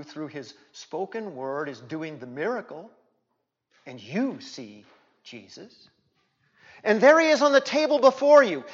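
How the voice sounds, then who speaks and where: A male pastor preaching a sermon in a church, emphatic, repeating key words and swinging from loud to hushed. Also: high voice. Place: church sanctuary. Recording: reverberant, dull lo-fi church recording.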